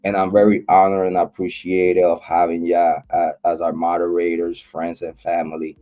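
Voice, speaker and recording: Low-voiced man hosting a casual livestream. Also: completely flat delivery, moderate pace. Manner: loose, slangy, repetitive shout-outs. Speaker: livestream host. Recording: dull lo-fi audio, faint music.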